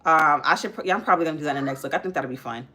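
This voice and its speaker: Bright-voiced chatty young woman vlogging. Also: sits low, racing. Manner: chatty, addresses viewers as guys, breaks off to scold her kids; frequent ums while working. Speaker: makeup vlogger and mother. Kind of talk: casual live-stream makeup chat.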